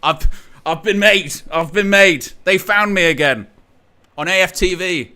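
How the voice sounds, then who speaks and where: A man doing a wide-eyed plumber who keeps denying, in a teasing mock-innocent act. The voice sits high and bright. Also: measured pace. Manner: mock denial, jokey. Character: man feigning innocence, claims to be a New Jersey plumber.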